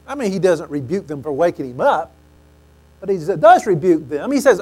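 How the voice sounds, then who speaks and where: A man preaching a sermon, telling stories animatedly and acting out quoted lines, often clearing his throat. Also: high-pitched, big pitch swings, a little fast, darkish tone, rough recording.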